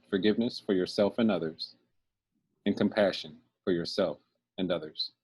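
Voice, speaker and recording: A man hosting a talk show, guiding a guest through a calm, soothing visualization exercise. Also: low-pitched, husky. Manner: calm, soothing, laughs often. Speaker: host guiding a fear-release exercise. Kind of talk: slow guided visualization.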